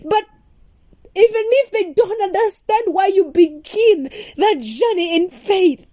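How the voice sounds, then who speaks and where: A woman's voice: very high voice, animated, takes it slowly, warm tone, dry recording. A woman explaining her gospel song as impassioned devotional teaching, earnest and repetitive with preacher-like emphasis.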